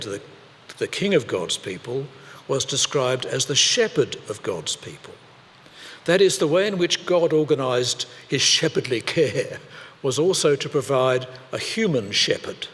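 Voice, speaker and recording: A man delivering a sermon at an unhurried, measured pace, leaning on pauses and repeated phrases. His voice sits at an ordinary pitch and rings with a long church reverb. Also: fairly bright tone. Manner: slow, deliberate delivery with pauses and repetition. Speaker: preacher.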